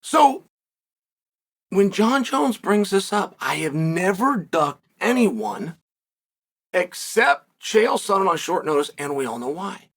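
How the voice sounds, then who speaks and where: A high-pitched, lively male host talks straight to his audience. His voice is bright and slightly husky, with emphatic stretches and drawn-out pauses for effect. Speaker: show host. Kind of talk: solo commentary.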